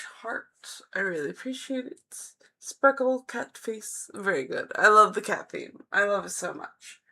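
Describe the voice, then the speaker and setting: A woman tarot reader on a live stream, slowly reading out viewers' chat messages and answering each one in a friendly way. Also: a little high, pushed and bright.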